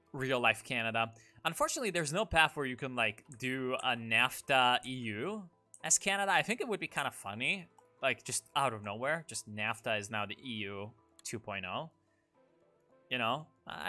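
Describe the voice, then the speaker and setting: Rambling, sarcastic young gaming commentator. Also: male voice, mid-range voice, sharp tone. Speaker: gaming YouTuber. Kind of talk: casual game commentary.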